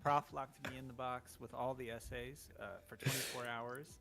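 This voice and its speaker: A man's voice: mid-range voice, little pitch movement, moderate pace, pushed and bright. A man co-hosting a livestream, playful and jokey in casual chat. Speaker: co-host.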